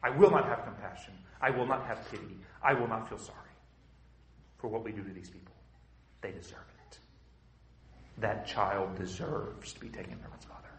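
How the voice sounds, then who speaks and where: A man's voice: lowish voice, moderate pace, a bit bright, echoey room, slight background noise, voice pushed down, lightly acted. A man voicing a hateful ancient man who refuses any pity, speaking with defiant emphasis.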